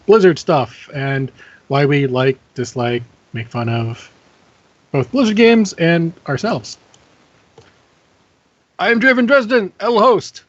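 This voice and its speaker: A man hosting a casual gaming podcast, playful and teasing, with halting restarts. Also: fairly high pitch, no room sound, muffled recording. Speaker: podcast host.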